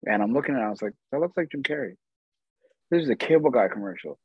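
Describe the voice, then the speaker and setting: A man's voice: medium pitch, animated, fast talker, slightly rough, no room sound. A man co-hosting a podcast, joking around in casual chat over dull lo-fi audio. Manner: playful, jokey. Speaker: podcast co-host.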